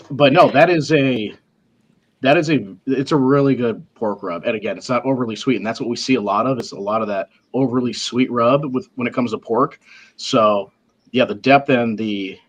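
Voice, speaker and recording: A man's voice: mid-range voice, normal speed. A man with an ordinary mid-range voice rambles through a tasting in loose, joking podcast chat. He wanders between thoughts and tosses in playful asides. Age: adult, married. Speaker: panelist tasting rubs.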